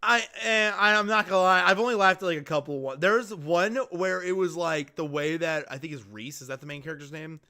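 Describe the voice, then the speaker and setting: A young man giving casual reaction commentary to a video, excitable and swearing. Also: a little high, a little fast, few pauses. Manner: excitable, swearing, breaking into loud outbursts.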